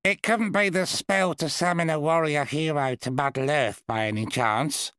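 A man voicing a sharp-tongued female budgie, a wizard's familiar who is cheeky and always answers back. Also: low voice, normal speed, clear, resonant tone, dry recording, studio quality, pitched above the performer's own voice. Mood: sardonic.

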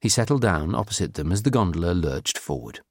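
A man reading a novel aloud in measured, descriptive scripted narration. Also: low-pitched, big pitch swings, no room sound, clean studio sound.

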